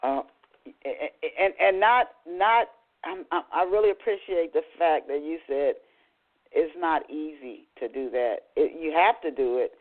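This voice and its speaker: A man's voice: a little high, a little slow. A man hosting a radio interview, asking long, rambling questions full of restarts, heard over a phone line. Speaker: radio show host.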